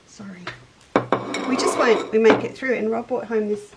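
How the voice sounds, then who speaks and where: A woman's voice: on the high side, fairly even intonation, normal speed, gravelly, very noisy. A middle-aged woman hosting a casual live sewing chat, greeting viewers by name as she goes. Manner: chatty, greets viewers by name, eats on air. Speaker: shop owner and livestream host.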